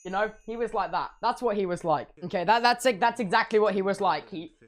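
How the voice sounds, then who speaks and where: A man's voice: sits high, a little fast. A young man streaming, telling a playful, exaggerated story and slipping into silly voices.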